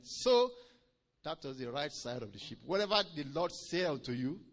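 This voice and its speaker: A man preaching a sermon, swinging between loud emphatic lines and low quiet ones, drawing out key words and calling "Amen?" to the congregation. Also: lively intonation. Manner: drawn-out stresses on key phrases.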